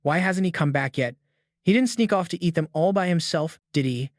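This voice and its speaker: A man's voice: fairly high pitch, expressive, moderate pace, no echo, studio quality, close to an everyday voice. A man voicing a greedy, irritable male elephant monster in a storybook recap, reading its lines in a complaining tone. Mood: grumbling.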